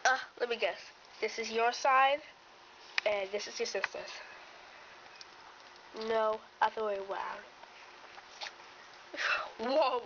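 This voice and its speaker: A woman's voice: on the high side, slow pace, pauses often, far from the mic. A woman acting out a homemade story, voicing several characters in bickering, teasing dialogue. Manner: plays back-and-forth dialogue, bickering and teasing. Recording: dull lo-fi home recording with faint noise.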